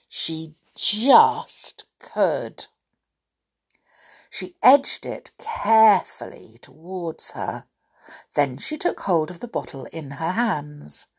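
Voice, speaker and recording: A woman reading a children's story aloud with lively expression. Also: deep voice, slightly rough.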